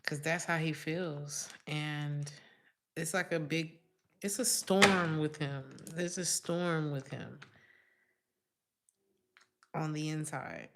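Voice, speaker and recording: A woman's voice: low-pitched, takes it slowly, pauses often, slight background noise. A woman giving a live-streamed tarot reading in a casual, chatty way, calling the viewer honey. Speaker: tarot reader.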